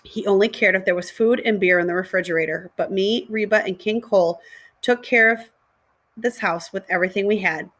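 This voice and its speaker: A woman, a middle school teacher, reading a children's novel aloud to her students in a steady, clear storytelling voice. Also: medium pitch, a little fast.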